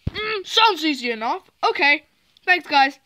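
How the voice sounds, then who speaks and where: Very high, slow woman doing plush play. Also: big pitch swings, pushed and bright. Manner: halting, with many fillers. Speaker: plush video maker. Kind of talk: plush toy role-play.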